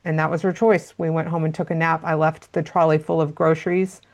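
A woman's voice: deep voice, level tone, a little fast, darkish tone. A woman answering interview questions as a parenting expert, explaining at length with frequent fillers.

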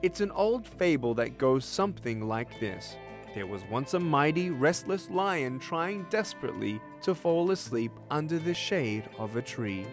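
Male radio devotional speaker, lively fable-teller, bright higher voice, light guitar behind. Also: unhurried. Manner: lively, expressive storyteller. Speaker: ministry speaker.

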